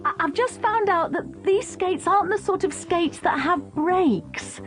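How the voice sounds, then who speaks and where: A woman's voice: very high-pitched, a little slow, fairly bright tone, soft background music, pitched above the performer's own voice. A woman voicing an anxious, stammering male crocodile in a children's storybook. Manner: stammering, desperate.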